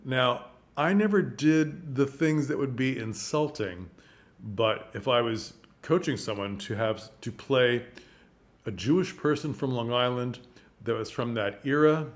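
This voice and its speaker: A man coaching actors in a casual talk to camera, chatty, with frequent laughs and fillers. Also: medium pitch. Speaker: theatre coach.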